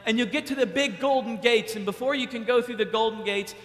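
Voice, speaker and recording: A young man preaching a sermon to youth, emphatic and repetitive, acting out stories with sudden loud excitement. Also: very high-pitched, fairly quick. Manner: emphatic, repeats key lines. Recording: long hall reverb.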